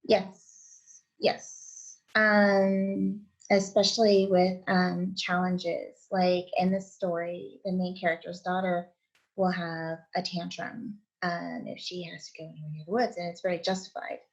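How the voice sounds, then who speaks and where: A woman's voice: lowish voice, flat delivery, a little slow, gravelly. A woman author answering interview questions over a video call, earnest and hesitant, with many ums. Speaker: author, guest. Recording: dull lo-fi video call audio.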